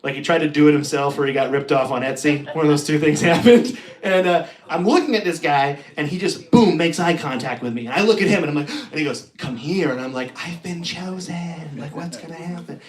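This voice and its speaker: A man's voice: a little high, quick pace, hardly any pauses. A man in his twenties doing a self-deprecating stand-up set with a conversational delivery, laughing between jokes. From Pacific Northwest of the US. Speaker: stand-up comedian. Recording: roomy live stream audio.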